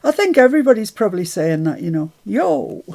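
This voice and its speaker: Hosting a casual crafting livestream, a woman with a mid-range voice talks fast and swings widely in pitch. She chats through each step, mutters to herself as she works, and brightly greets viewers in the chat.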